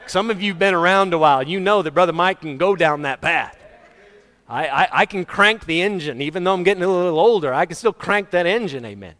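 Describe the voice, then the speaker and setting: A middle-aged man preaching a sermon, swinging between booming shouts and soft asides and chuckling often. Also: brisk. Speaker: pastor. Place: church hall. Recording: reverberant church hall.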